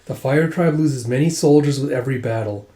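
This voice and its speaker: A man reading aloud as a stern, proud general who lectures gravely. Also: medium pitch, brisk, warm tone, natural voice. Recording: roomy echo.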